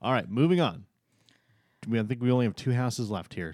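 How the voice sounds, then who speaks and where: A man's voice: mid-range voice, animated, a little fast, long pauses, a little mellow, no echo. A man co-hosting a podcast in casual chat, talking with frequent ums and uhs. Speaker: podcast co-host.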